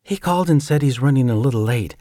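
A friendly young mother speaks gently in a slightly raised voice, as a male narrator puts her on. The sound is close and dry. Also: medium pitch, animated, fast talker, no echo, pitched above the performer's own voice, natural voice.

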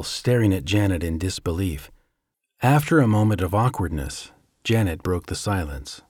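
Low-voiced male storyteller. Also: animated, darkish tone, slightly rough, no room sound, clean studio sound. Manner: measured, suspenseful reading. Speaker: narrator. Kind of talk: scripted story narration.

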